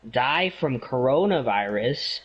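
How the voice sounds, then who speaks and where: A man chatting casually with a friend, mocking and slowing down for sarcastic emphasis. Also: medium pitch, lively intonation, fairly bright tone, breathy edge, muffled recording. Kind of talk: casual chat.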